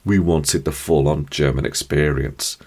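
A man with an extremely low, deep voice tells travel stories on his podcast. He rambles cheerfully, pokes fun at himself and jumps up in pitch and volume when something excites him. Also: a little slow. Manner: chatty, rambling, self-deprecating, with animated jumps in pitch and volume. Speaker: podcast host. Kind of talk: casual storytelling monologue.

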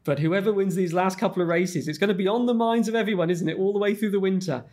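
A man on a racing podcast talks fast in a slightly raised voice. He rambles and loops back, stacking up you-knows and restarts as he works through his thoughts. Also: sits high, darkish tone. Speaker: podcast co-host and racing pundit. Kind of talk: casual podcast chat.

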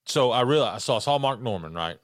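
A man's voice: mid-range voice, animated, a little fast, no echo. A man co-hosting a podcast, talking loosely in casual chat, swearing and trailing off. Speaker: podcast co-host.

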